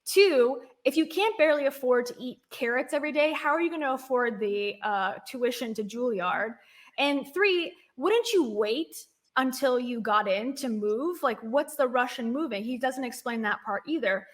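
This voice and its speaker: A woman's voice: high-pitched, lively intonation, moderate pace. A woman hosting a commentary chat, laying out skeptical arguments point by point. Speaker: host.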